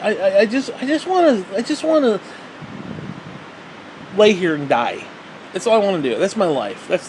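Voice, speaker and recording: A man with a high voice delivers a profane, exasperated rant straight into his vlog. His tone keeps turning sarcastic. A faint hiss of background noise sits under the recording. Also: poor audio. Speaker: vlogger. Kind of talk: ranting opinion vlog.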